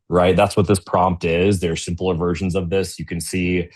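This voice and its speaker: A man's voice: low-pitched, level tone, normal speed. A man presenting a business webinar in a casual, conversational way, often checking in with "right?" and talking into a computer mic on a video call. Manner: conversational, tags sentences with "right?".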